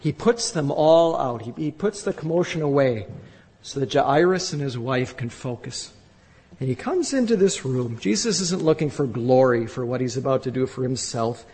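A man preaching a sermon as a pastor, emphatic and rising to loud exclamations. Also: mid-range voice, husky. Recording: echoey hall from a distance.

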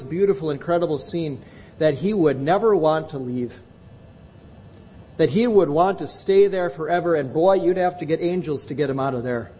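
A male pastor preaching a sermon in a church, emphatic and repeating words for weight. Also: darkish tone. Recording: long reverb with faint rumble.

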